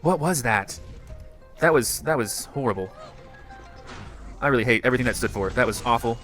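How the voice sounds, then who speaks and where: Excitable man yelling at a game. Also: medium pitch, normal speed, soft background music. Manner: excitable, bursts into frustrated outcries. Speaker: gamer. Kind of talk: game commentary.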